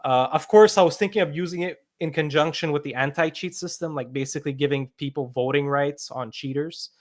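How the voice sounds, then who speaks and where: A man's voice: fairly high pitch, a little fast. A man who is a game developer, talking through how his game works in a casual podcast chat, with plenty of "like" and "um" along the way. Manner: explains step by step with many fillers.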